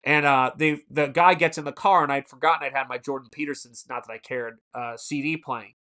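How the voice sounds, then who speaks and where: A man's voice: medium pitch, steady tone, a little fast, pushed and bright. A man in his forties hosting a casual live stream, telling rambling stories and stopping to answer the chat. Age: 40s. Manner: rambling storyteller who answers chat mid-story.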